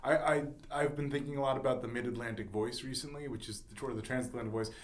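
Quick talker, eager podcast host, casual interview, filler-heavy. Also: mid-range voice, steady tone. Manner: fast, enthusiastic, many fillers and restarts.

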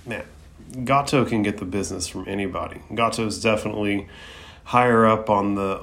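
A man's voice: fairly low pitch, creaky, fairly bright tone. Casual man recapping an anime. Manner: casual, slangy, fillers. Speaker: anime reviewer. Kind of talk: casual episode recap and commentary.

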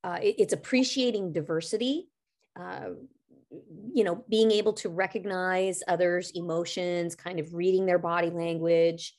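A woman's voice: fairly low pitch, steady tone, moderate pace, darkish tone. A middle-aged woman co-hosting a podcast, telling a personal story in an earnest, reflective, conversational way. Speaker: podcast co-host.

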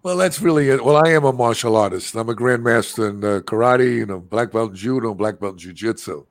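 A man's voice: mid-range voice, brisk, no room sound, studio quality. A man hosting a talk show and running a clinic, rambling and boastful in casual talk. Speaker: host and clinic owner.

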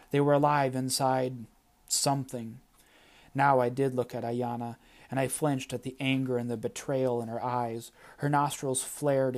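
Male narrator reading a first-person story. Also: mid-range voice. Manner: steady, plain storytelling. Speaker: audiobook narrator.

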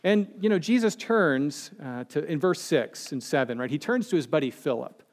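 A man's voice: a little high, lively intonation, normal speed. Man preaching a chatty, joking sermon. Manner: chatty, joking, acts out quoted people. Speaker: pastor. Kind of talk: conversational sermon.

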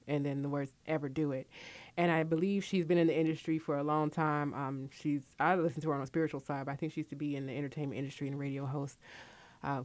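This guest author is a woman in her forties from Connecticut, USA, talking casually in a radio interview. She sounds reflective and tells stories. Her voice sits low and is a little mellow, with no echo.

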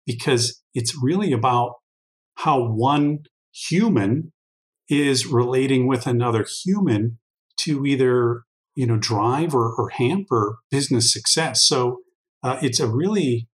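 A man with a medium-pitched, unhurried voice, captured on a low-quality recording. He's a guest expert on workforce intelligence, answering interview questions at length in a thoughtful, conversational way. He's long-winded, with frequent restarts and fillers.

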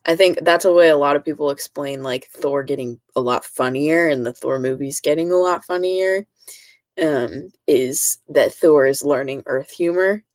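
A woman's voice: deep voice, moderate pace, a little mellow, no echo. Chatty woman saying "like" a lot. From California. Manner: chatty, heavy use of "like". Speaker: podcast co-host. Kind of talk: casual chat.

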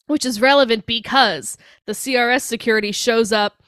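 A woman co-hosting a podcast, recapping a movie in casual chat, animated and laughing, with frequent swearing and filler words. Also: on the high side, a little fast, dry recording, clean studio sound. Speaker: podcast co-host.

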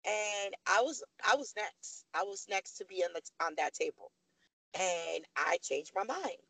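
A woman's voice: mid-range voice, a little slow, rough recording. A woman in her thirties, a podcast guest, telling a personal story candidly and acting out the voices of people she quotes. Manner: animated, acts out quoted voices.

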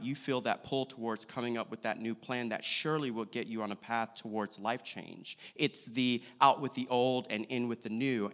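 Pastor preaching in a reverberant hall. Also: male voice, mid-range voice, fairly bright tone, clear, resonant tone. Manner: measured preaching with slow, deliberate emphasis. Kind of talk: sermon.

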